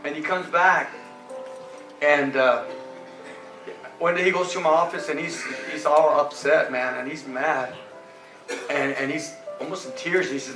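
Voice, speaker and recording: A man with a fairly high voice preaches to a congregation, repeating himself and acting out the dialogue of his story. He sounds roomy and distant, with music playing behind. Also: fairly even intonation, moderate pace, long pauses. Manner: repetitive, storytelling with quoted dialogue. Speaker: pastor. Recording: roomy hall, mic far off, music behind.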